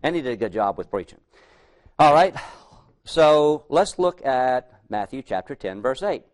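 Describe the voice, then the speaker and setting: Middle-aged man, lay preacher, chatty sermon, quizzes the room, slow scripture reading. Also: medium pitch, animated. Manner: asks the congregation questions, reads King James verses slowly.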